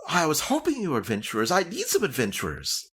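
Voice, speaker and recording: A woman's voice: deep voice, wildly swooping pitch, brisk, a bit bright, slightly rough, voice pushed up, full character voice. A man voicing a cheerful, fussy halfling woman who leads her town, chirpy and hospitable. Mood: eager.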